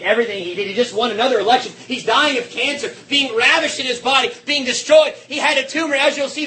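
A man preaching a sermon with passion, swinging between shouting and hushed, quiet tones. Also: sits high, slight background noise, rough recording.

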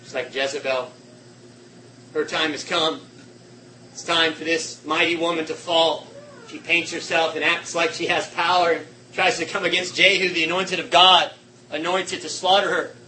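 A man preaching a sermon with passion, swinging between shouting and hushed, quiet tones. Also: on the high side, fairly even intonation, normal speed, a little hiss or hum, low-quality recording.

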